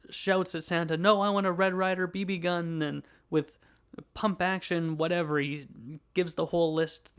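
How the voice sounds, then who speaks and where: Young male podcast host, slightly high voice, animated and chuckling through a casual movie recap. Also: smooth. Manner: animated plot retelling with frequent laughs.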